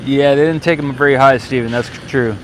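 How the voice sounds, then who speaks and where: A man's voice: mid-range voice, steady tone, a little fast, a little hiss or hum. A man live streaming outdoors at a launch site gate, reading viewer comments aloud and answering them. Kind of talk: casual live-stream chat. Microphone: handheld mic.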